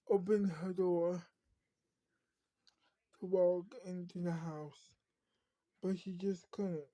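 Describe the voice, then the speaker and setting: A woman telling an improvised story in a rambling, halting way with many fillers. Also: on the low side, warm tone, dry recording.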